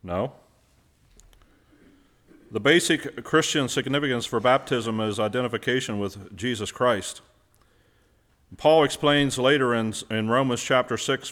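A man's voice: mid-range voice, a bit bright. A man preaching a sermon, who puts questions to his listeners and answers them himself, and stresses key words by repeating them.

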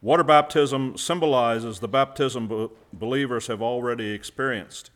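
A man with a medium-pitched voice preaches a sermon at a normal pace. He poses questions to the congregation and answers them, hammering home key words through repetition.

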